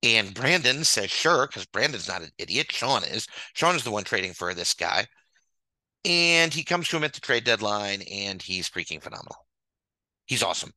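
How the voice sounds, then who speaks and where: A man's voice: fairly low pitch, sharp tone, no room sound, low-quality recording. A man hosting a show, ranting with theatrical mock anger over slides and repeating his points for emphasis. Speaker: host.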